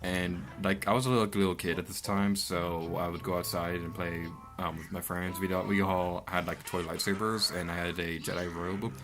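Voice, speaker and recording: A man's voice: low voice, steady tone, normal speed, hardly any pauses, music in the background. A young man from Florida hosting a let's play, rambling through game commentary and yelping and laughing at the action.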